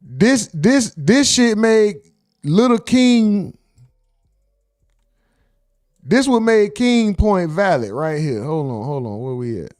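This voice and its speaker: A man hosting a casual reaction commentary show, talking in an animated, joking and mocking way. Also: high voice, slow pace, long pauses, no room sound, studio quality. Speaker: host.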